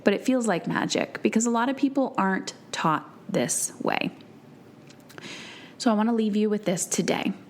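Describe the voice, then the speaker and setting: A woman in her thirties hosts a solo podcast in a voice of ordinary pitch. She talks earnestly and conversationally, with plenty of fillers, and acts out quotes from other people as she goes. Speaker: podcast host and parenting coach.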